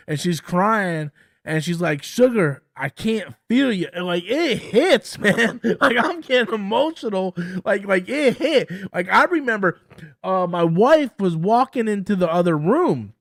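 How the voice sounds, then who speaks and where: Man, high voice, dry close sound; halting, excitable live-stream reviewer who repeats himself. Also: dry recording. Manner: halting, repeats words, enthusiastic. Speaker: show review host.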